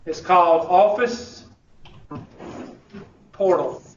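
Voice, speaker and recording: Extremely slow and high-pitched, with lively intonation, this man lectures a college class in a loose, jokey style, drawling "y'all" as he goes. It's a distant room recording of the classroom, echoey and dull.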